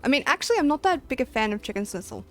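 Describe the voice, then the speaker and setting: A woman's voice: high-pitched, very animated, very fast. Chatty woman streamer. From Australia. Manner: chatty, giggly and rambling. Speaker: game streamer. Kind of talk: casual livestream chat.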